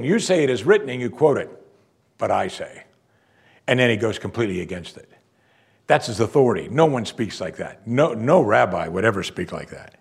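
A man preaching verse by verse through a Bible passage, animated, breaking off to act out the people he quotes. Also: mid-range voice, vocal fry, slightly rough. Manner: animated, acts out quoted voices.

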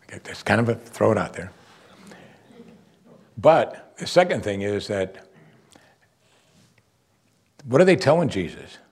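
A man preaching verse by verse through a Bible passage, animated, breaking off to act out the people he quotes. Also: fairly low pitch, unhurried, pauses often, slightly rough. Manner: animated, acts out quoted voices.

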